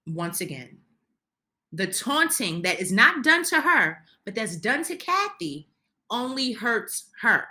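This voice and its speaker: Bright, fired-up woman ranting. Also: on the high side, very animated, takes it slowly. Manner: heated, indignant ranting with many restarts. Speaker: reality TV commentator. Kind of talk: opinionated recap commentary.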